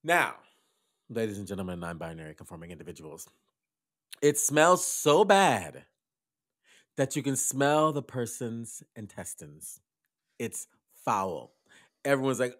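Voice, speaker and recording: A man co-hosting a podcast, telling a story theatrically, switching between loud bursts and hushed asides. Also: medium pitch, very animated, a little slow. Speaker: podcast co-host.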